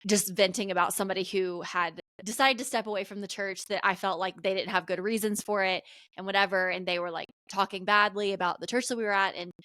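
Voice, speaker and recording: Young woman, podcast co-host, bright voice, quick quips, dry sound. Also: medium pitch, steady tone, dry recording. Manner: chimes in with quick quips and short agreements. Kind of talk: casual chat.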